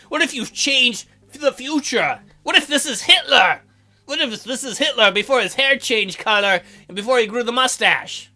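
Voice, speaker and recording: A man's voice: sits high, sharp tone. A young man joking and commenting crudely while playing a game. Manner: crude, playful. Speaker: let's play host.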